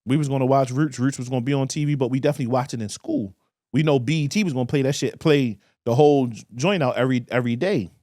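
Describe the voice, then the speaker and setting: A man, co-hosting a casual podcast and telling stories with animated quoted voices. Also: medium pitch, fast, dry recording, studio quality. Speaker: podcast co-host.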